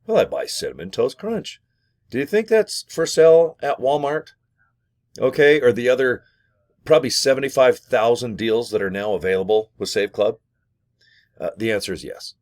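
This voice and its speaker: A man talking to camera in a jokey, rambling way while pitching an affiliate program from his small home studio. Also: lively intonation, moderate pace, darkish tone. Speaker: vlogger promoting an affiliate program. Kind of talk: casual rambling sales talk to camera.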